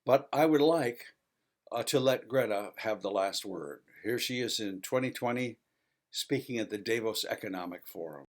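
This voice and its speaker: A man's voice: fairly low pitch, normal speed. A man presenting his book in a spoken video lecture, reading out a list with emphatic, wry asides.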